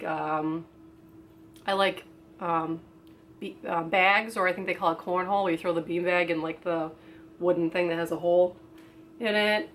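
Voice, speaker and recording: A woman's voice: fairly low pitch, a bit bright, a little hiss or hum. A young woman vlogging a casual question-and-answer video, reading each question aloud and answering off the cuff with lots of fillers. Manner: rambling, with many fillers.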